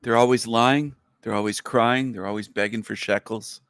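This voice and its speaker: A man's voice: fairly even intonation, normal speed, a bit bright, clean tone, no room sound. Angry ranting man, dry close sound. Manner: angry, profane, repetitive, pitch climbing when worked up. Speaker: livestream host. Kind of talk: ranting livestream monologue.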